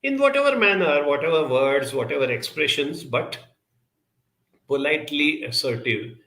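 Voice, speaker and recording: A man giving a measured, emphatic talk and answering audience questions, with many pauses and fillers. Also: fairly high pitch, expressive, a bit bright, reverberant, low-quality recording. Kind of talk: live talk on emotional intelligence.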